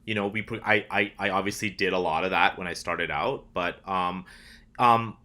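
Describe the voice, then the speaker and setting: A man guesting on a podcast as an actor, talking in an earnest, animated way in casual interview chat. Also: sits low, normal speed.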